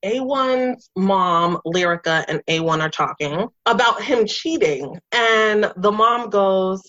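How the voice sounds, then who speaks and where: A woman's voice: mid-range voice, measured pace. A young woman hosting a podcast, her speech swooping up and down with a lot of expression as she tells stories and reads posts aloud. Her recording sounds a little muffled and lo-fi. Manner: expressive storyteller, lively reactions, reads tweets aloud. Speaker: podcast host. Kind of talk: casual chat. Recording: slightly dull lo-fi sound.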